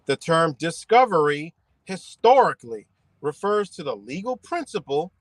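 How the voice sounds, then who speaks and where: A man's voice: on the high side, no echo. A man, ranting profanely and rambling through a casual livestream while he drives his car. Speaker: livestream host.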